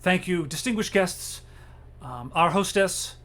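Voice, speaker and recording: A stately butler announces the guests in formal tones , as a man plays him in a tabletop game. He speaks slowly and slightly higher than usual. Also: lively intonation, a bit bright. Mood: announcing.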